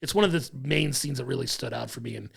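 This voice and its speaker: Gravelly-voiced man reviewing a film. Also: medium pitch, quick pace. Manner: enthusiastic, rambling, laughs along. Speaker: podcast co-host. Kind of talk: casual film review chat.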